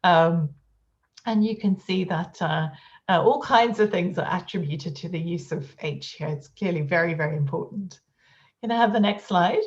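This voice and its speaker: A woman's voice: lowish voice, normal speed, highs cut off. A woman giving an academic conference talk, hesitant and full of fillers, over a video call. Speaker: conference speaker. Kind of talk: academic lecture.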